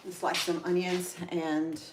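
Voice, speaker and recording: A woman's lowish voice comes across flat and measured as she hosts a laid-back cooking livestream. Teary from the onions, she chats to viewers while slicing vegetables and often cries "oh Lord." The recording has an echoey kitchen sound and faint noise.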